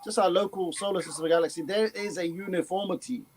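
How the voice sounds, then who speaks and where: A man on a panel giving earnest, halting explanations with frequent fillers. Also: high-pitched, heavy background noise. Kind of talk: casual panel chat.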